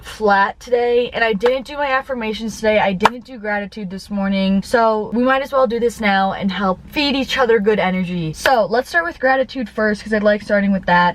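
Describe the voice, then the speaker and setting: A woman's voice: medium pitch, normal speed, hardly any pauses. A woman in her twenties vlogging casually, bubbly and chatty, filling her talk with "like". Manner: bubbly, chatty, says "like" often. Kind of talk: casual vlog chat. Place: grocery store.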